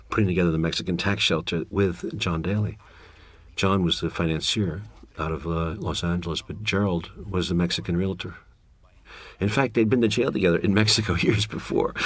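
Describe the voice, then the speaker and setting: A man with a deep voice talks through a film in a director's commentary. He rambles from story to story, candid and a little wry.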